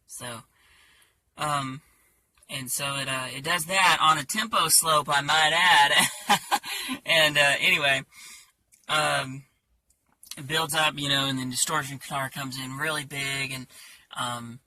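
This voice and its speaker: Man, slow speech, bright voice, halting with lots of fillers, mic set back. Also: a little high, fairly even intonation, recorded from a distance. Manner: halting, many fillers and restarts. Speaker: songwriter. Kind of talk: casual talk about his songs.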